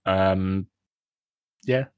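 A man's voice: low voice, fairly even intonation, extremely slow, clean tone, no room sound, dull audio. A man from England, a guest, chatting casually on a podcast with lots of fillers. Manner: chatty, filler-heavy, rambling. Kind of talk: casual chat.

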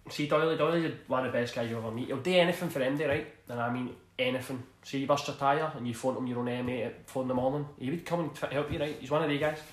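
Fast-talking Scottish man. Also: mid-range voice, reverberant. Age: 30s. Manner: rambling, laughs often, says "do you know what I mean". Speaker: former footballer guest. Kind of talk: casual storytelling.

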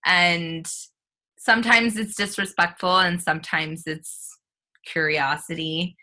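A woman hosting a casual chat, slow and sympathetic, with gentle "um" fillers. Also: fairly low pitch, steady tone.

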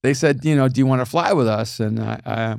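A middle-aged man in a casual conversation, animated, laughing often and repeating words as he starts sentences. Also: medium pitch, a little fast, creaky, no room sound, clean studio sound.

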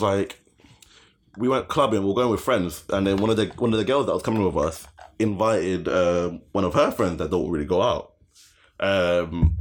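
A young man telling a long story in casual podcast chat. He rambles, swears, laughs often and acts out the voices in his story. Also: low voice.

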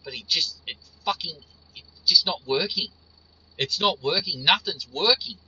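Bright-voiced man ranting, swearing. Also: fairly high pitch, lively intonation, moderate pace, husky, highs cut off. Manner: frustrated, swearing, repeats himself. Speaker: horror fan reviewer. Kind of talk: casual profane rant.

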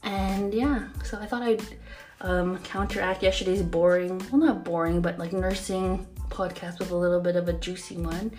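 A woman's voice: fairly low pitch, steady tone, normal speed, a little mellow, faint music behind. A young woman hosting her own podcast, telling a story in a chatty way with many fillers and frequent laughs. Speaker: podcast host. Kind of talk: casual storytelling monologue.

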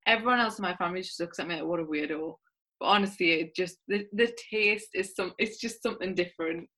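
Bright-voiced woman guest. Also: medium pitch, fast. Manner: enthusiastic, rambling storyteller. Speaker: podcast guest. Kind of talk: casual chat.

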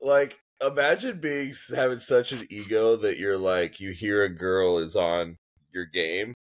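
A man hosting a podcast, laid-back and joking, with quick interjections. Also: on the low side, dry recording. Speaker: podcast host. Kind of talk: casual chat.

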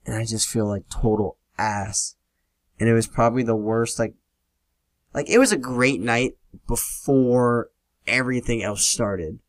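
A man's voice: medium pitch, steady tone, unhurried, dry recording. Profane young man telling stories, dry sound. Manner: rambling, profane and laid-back. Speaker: podcast host. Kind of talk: casual solo storytelling.

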